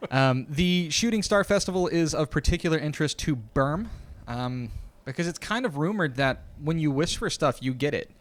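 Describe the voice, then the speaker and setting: A man's voice: fairly high pitch, expressive, moderate pace. A man narrating a tabletop game as game master, in a casual, filler-heavy way.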